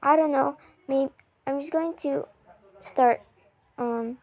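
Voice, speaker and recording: A young woman casually narrating her gameplay, rambling with lots of fillers and excited gasps. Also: high-pitched, slow. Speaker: gaming vlogger. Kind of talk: casual game commentary.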